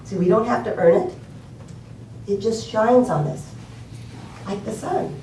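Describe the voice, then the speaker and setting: A woman's voice: medium pitch, measured pace, mellow, roomy sound, distant mic, a little hiss or hum, poor audio. An older woman telling an inspirational story in a conversational way, with fillers and emphatic repetition. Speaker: speaker.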